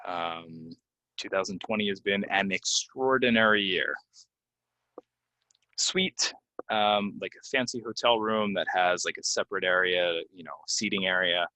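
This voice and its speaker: A man teaching English pronunciation in a relaxed video lesson, explaining casually with plenty of fillers and repeating words slowly. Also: sits low, dry recording, rough recording. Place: Florida.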